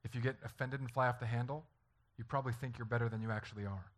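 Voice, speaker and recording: A man's voice: mid-range voice, steady tone, rapid-fire. A man preaching a sermon as a pastor, talking earnestly and conversationally and acting out stories from family life.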